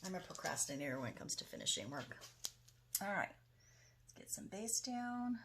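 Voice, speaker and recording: Lady doing a craft vlog, lower voice, chatty and excited, faint hiss behind. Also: moderate pace. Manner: chatty, enthusiastic, talks while working. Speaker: craft video host. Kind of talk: casual crafting tutorial. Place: home craft studio.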